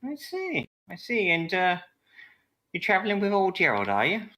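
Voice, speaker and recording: A man putting on a warm, chatty tavern barmaid in a tabletop game, her voice lifted high and bright. She is familiar and easygoing with newcomers. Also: wildly swooping pitch, moderate pace, heavily acted. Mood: friendly curious. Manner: familiar, calls guests love. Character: chatty friendly barmaid woman.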